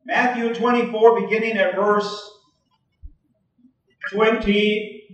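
A man's voice: high-pitched, flat delivery, takes it slowly, highs cut off. A man preaching a sermon as pastor, emphatic, reading scripture aloud to his congregation. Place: church. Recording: echoey, distant 1980s church recording.

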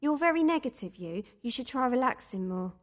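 An actress playing an unflappable spa worker with a dry, new-agey manner in an audio drama. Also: female voice, a little high, animated, fairly quick, close to an everyday voice. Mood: airy. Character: calm, sardonic spiritual spa worker woman. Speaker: spa employee.

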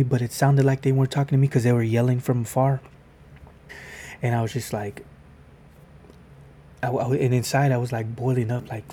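A man's voice: medium pitch, mellow, slight background noise. A man giving a casual Bible devotional video, reading scripture aloud and then explaining it in a conversational way.

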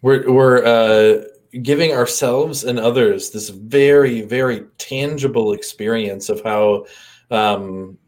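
A man with a mid-range voice speaks in a reflective, easygoing way about healing and energy. He pauses on fillers and often breaks into light laughter. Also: mid-range voice, a little mellow. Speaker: co-host, energy healer. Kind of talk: casual spiritual chat.

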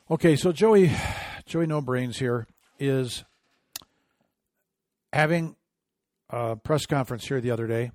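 A middle-aged man giving opinionated political commentary, sarcastic and indignant, often rising into loud outrage. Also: mid-range voice, dry recording, studio quality. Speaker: commentary host.

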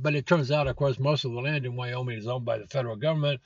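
A man's voice: medium pitch, fairly even intonation, fast talker, few pauses, no echo. A man in his seventies hosting a political commentary show, blunt and scornful, with lots of "uh" fillers. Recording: dull lo-fi dry recording.

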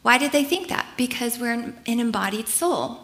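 Woman preacher, bright and a bit high, earnest, conversational sermon delivery. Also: expressive, moderate pace.

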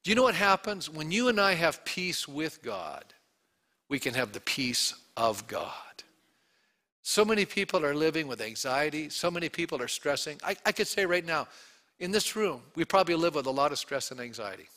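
A man, a pastor, preaching an Easter sermon to his congregation, telling the story with animated asides and questions to the room. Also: on the high side, fairly quick. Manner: animated storytelling, acting out quotes.

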